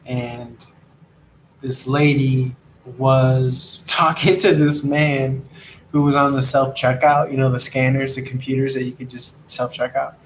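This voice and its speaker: A man's voice: medium pitch, flat delivery, a little slow, rough recording. A man giving a rambling, profane, streetwise spiritual monologue while riding an e-scooter in traffic. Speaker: tarot reader and delivery rider.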